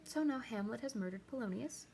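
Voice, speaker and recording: A woman teacher explaining a play to her class, reading the quoted lines aloud with lively emphasis. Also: on the high side, brisk, vocal fry, slight background noise, rough recording.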